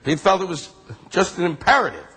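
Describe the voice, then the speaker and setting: A man doing a stand-up routine, ranting in disbelief with lively delivery. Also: high voice, brisk, husky. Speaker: stand-up comedian. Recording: live hall with long reverb.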